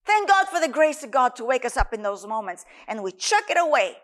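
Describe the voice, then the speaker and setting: Woman preacher, high voice, earnest and emphatic sermon delivery. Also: very animated, a little fast, hardly any pauses.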